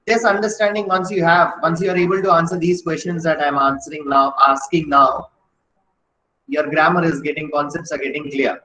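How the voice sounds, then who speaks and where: A male grammar teacher quizzing his class with rapid questions, switching between English, Malayalam and Hindi. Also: a little high, fairly even intonation, sharp tone. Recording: echoey classroom.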